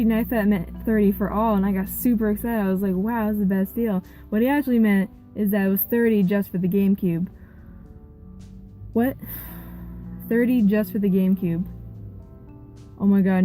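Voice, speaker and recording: Young woman, mellow warm tone, rambling casual storytelling, faint music underneath. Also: medium pitch, poor audio. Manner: rambling, animated retelling with quoted dialogue. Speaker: gaming vlogger.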